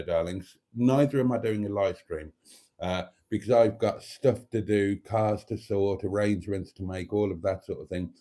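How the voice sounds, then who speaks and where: A man's voice: lowish voice, dark tone. A man hosting his own channel, talking casually and ramblingly to his viewers in a camp, fond way, sitting at a table indoors. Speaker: channel host.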